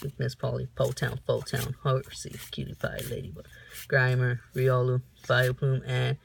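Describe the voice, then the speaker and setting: A young man giving casual unboxing commentary, reading off cards in a slow list broken by sudden high whoops, recorded on a camera mic in a room at home. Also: little pitch movement, vocal fry, a little hiss or hum. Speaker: card-opening vlogger.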